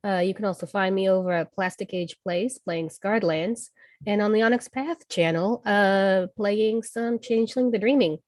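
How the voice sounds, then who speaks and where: A woman's voice: medium pitch, normal speed, darkish tone, no room sound. Woman getting over a cold, dry sound. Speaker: player, game master. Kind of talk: casual introduction chat.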